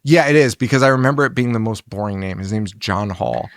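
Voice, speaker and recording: A man's voice: on the low side, fast, no echo, studio quality. A man co-hosting a casual film podcast, rambling and swearing, laughing often. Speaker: podcast co-host. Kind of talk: casual chat about films.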